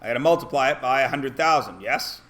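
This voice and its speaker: A man's voice: mid-range voice, fast, a bit bright. A man teaching a math class, asking the students questions and often answering them himself. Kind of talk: classroom lesson.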